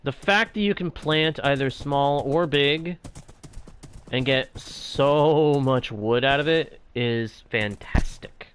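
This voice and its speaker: A man's voice: mid-range voice, takes it slowly, a bit bright, slight background noise. A man casually commenting on his own game as he plays, playful and jokily grumbling to himself. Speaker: gaming channel host.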